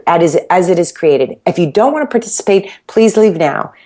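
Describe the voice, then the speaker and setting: A woman's voice: fairly low pitch, lively intonation, normal speed, warm tone. A woman, guest on an interview podcast, telling her story with passion and acting out the things she used to tell herself. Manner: passionate, acts out her own past self-talk and quotes. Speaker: fitness class creator, podcast guest.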